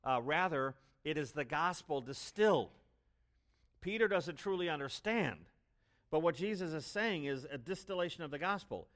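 A man preaching an expository sermon as pastor, stressing words loudly and then dropping to low asides. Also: lively intonation, moderate pace. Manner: emphatic, swings between loud stresses and low asides.

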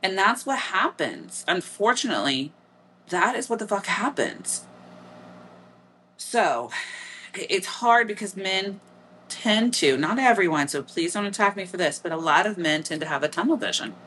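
A middle-aged woman with a Midwestern American accent hosts a podcast, talking candidly and casually in a monologue packed with blunt swearing, and she laughs easily. Her voice is medium-pitched and a bit bright, with lively intonation at a normal pace, over slight background noise.

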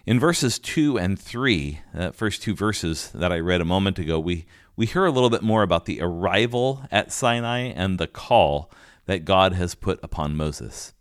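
A man preaching a sermon, calmly explaining a Bible passage verse by verse, with occasional restarts and fillers. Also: low voice, normal speed, no echo, clean studio sound. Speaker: pastor.

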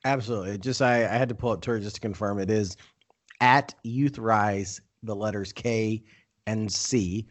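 A man in his thirties hosting a casual podcast, upbeat and full of "uh" fillers and shout-outs. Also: fairly low pitch, normal speed. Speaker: podcast host.

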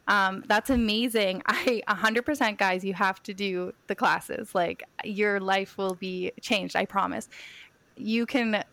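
A woman's voice: medium pitch, steady tone, unhurried, fairly bright tone, no room sound. A woman hosting a podcast, talking in an effusive, gushing way and laughing often. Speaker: podcast host. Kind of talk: casual podcast conversation.

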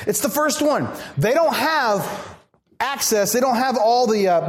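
A man pastor preaching a sermon in an animated, conversational way, asking the congregation questions. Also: high-pitched. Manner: animated, conversational, acts out quoted voices.

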